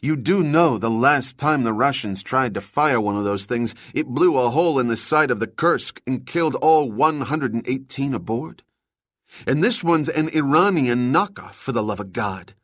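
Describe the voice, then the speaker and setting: A man's voice: mid-range voice, animated, normal speed, fairly bright tone, no echo. A man performs a commanding middle-aged ship captain in a storybook reading. Orders come clipped and firm in a mid-range voice, recorded dry and close. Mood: tense.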